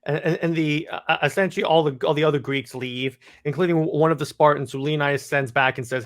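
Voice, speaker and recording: A man's voice: on the high side, steady tone, a little fast. A man casually reviewing a comic book, enthusiastic and rambling, with lots of fillers and restarts.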